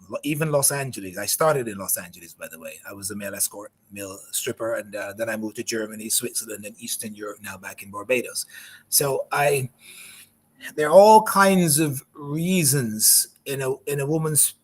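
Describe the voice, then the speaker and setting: A man on a radio talk panel, speaking in a measured, explaining way. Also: medium pitch, expressive, breathy edge.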